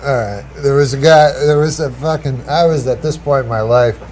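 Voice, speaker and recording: Male guest storyteller: rambling, restarts, mid-pitched. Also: moderate pace, darkish tone, slight background noise. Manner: meandering, full of "you know" and restarts. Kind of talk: rambling anecdote on a talk show.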